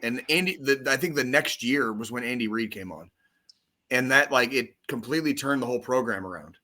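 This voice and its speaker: A man co-hosting a casual podcast, ranting about football in a profane, excitable, rambling way. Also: mid-range voice, brisk. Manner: profane, excitable, rambling sports-fan rant. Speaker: podcast co-host. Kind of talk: casual chat.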